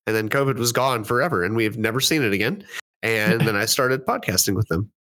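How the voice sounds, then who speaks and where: A man's voice: on the low side, animated, brisk, a bit bright. A man co-hosting a casual podcast, making wry jokes and laughing along, speaking into a microphone over a call. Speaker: podcast co-host. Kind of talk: casual chat. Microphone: remote call microphone.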